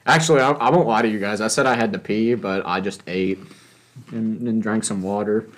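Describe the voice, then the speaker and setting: A young man co-hosting a casual, crude podcast chat, joking loudly and laughing often. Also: fairly low pitch, brisk. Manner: loud, joking, laughs often, puts on silly voices. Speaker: podcast co-host.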